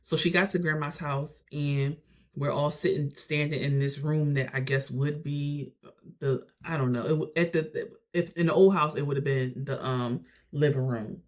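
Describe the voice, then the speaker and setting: A young adult vlogger telling a family story in a casual, animated way. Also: medium pitch, normal speed. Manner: animated, conversational retelling.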